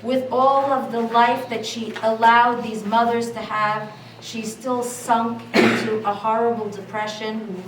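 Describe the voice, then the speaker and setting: A woman guiding a tour, telling a story in a calm, measured way. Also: fairly high pitch, slight background noise. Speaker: tour guide. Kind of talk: guided tour talk. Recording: echoey, from a distance.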